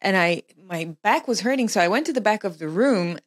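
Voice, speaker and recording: A woman talks as a podcast guest in an easy, chatty way. Her pitch sits in the middle, and she laughs readily as she tells stories. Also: lively intonation, fairly quick. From Israel. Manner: chatty storyteller, laughs easily. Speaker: guest, journalist. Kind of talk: casual conversation.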